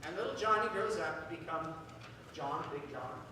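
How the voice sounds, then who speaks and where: A man's voice: on the high side, lively intonation, moderate pace, background noise. A man giving a talk to an audience, telling stories and acting out the people in them. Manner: storytelling with acted-out voices. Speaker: speaker. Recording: echoey hall, distant mic.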